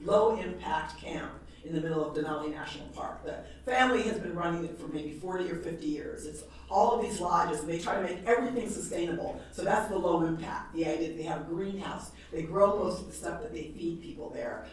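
A woman from New York giving a lecture, telling stories in a lively, humorous way. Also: on the low side, fairly quick, few pauses, a little hiss or hum. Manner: animated, humorous storytelling with laughs. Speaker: guest lecturer. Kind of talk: storytelling lecture. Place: large lecture hall. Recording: echoey hall, voice from far off.

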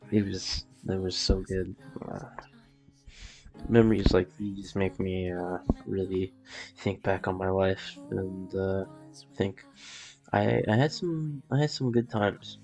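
A man's voice: deep voice, fairly even intonation, unhurried, vocal fry, darkish tone, faint music behind. A young man casually telling a personal story, rambling with fillers and acting out quotes.

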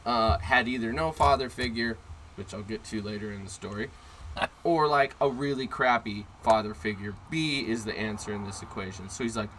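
A man hosting a podcast, telling a story in a profane, sarcastic, animated way. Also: on the low side, a little fast, a little hiss or hum. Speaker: podcast host. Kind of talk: casual storytelling chat. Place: in a car.

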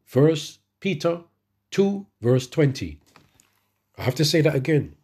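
A man preaching a sermon, reading scripture verses slowly and then preaching with emphatic rises in his voice. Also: on the high side, big pitch swings, darkish tone, husky.

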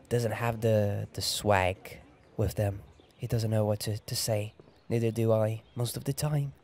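A young man hosting soft-spoken game commentary, talking gently and relaxed with chuckling asides. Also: medium pitch. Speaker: gameplay host.

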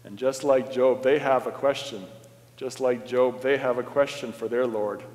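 A man preaching a sermon as pastor in a church, slow and dramatic, swinging from loud to hushed. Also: medium pitch, fairly even intonation, big-room sound. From Canada. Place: church sanctuary.

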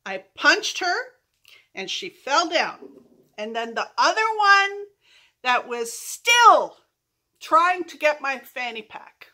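A middle-aged woman telling a storytime vlog in an animated, self-mocking way. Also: high voice, slow. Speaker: vlogger.

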